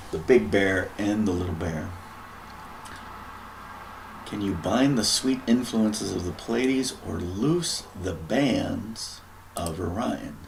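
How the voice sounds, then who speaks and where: A man thinking aloud through a scripture and word study, often clearing his throat. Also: on the low side, slight background noise. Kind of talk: musing scripture study talk.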